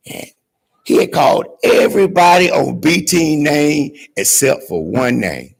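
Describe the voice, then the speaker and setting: A man telling a story at a graduation, his voice swooping from hushed lows to shouted highs. His tone is gravelly and a little husky, and his pitch sits on the higher side. He pulls the audience in with call-and-response. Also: big pitch swings, unhurried. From Georgia, USA. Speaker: graduation guest speaker. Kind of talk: animated storytelling speech.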